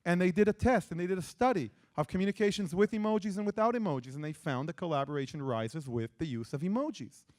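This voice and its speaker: A man's voice: sits high, expressive, fast, few pauses, a little mellow. A man with an Israeli accent giving an interactive lecture and quizzing the audience with questions. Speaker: persuasion lecturer.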